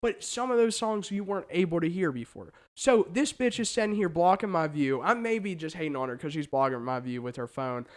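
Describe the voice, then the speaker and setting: A young American man co-hosting a casual podcast, telling an animated story with lots of swearing and acted-out quotes. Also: on the high side, fairly quick, few pauses. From United States. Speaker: podcast co-host. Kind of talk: casual chat.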